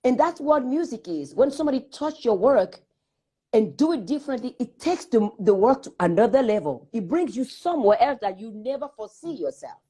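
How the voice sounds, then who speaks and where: A woman's voice: a little high, brisk, husky. An older woman, chatting animatedly in an interview and acting out little quotes as she tells stories. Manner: expressive storytelling with acted-out quotes and laughter. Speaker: singer in conversation. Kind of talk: animated casual conversation.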